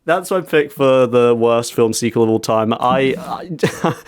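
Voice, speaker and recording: A man's voice: mid-range voice, unhurried, smooth, no room sound, clean studio sound. A man co-hosting a casual podcast over a video call, recounting a story and laughing often. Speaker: podcast co-host. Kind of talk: casual chat.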